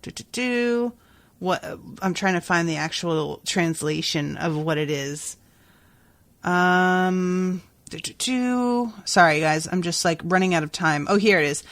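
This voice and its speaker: A woman's voice: on the low side, animated, a bit bright, dry recording. A woman hosting a casual book-recap podcast, chatty with lots of fillers and reading passages aloud. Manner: chatty, with frequent "like" and "um" and hummed pauses. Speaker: podcast host.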